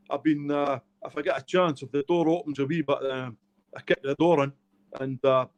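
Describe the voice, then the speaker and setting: A middle-aged Scottish man, an author, is interviewed and tells his life stories in a heartfelt, emotional, candid way. His voice is mid-range with a darkish tone.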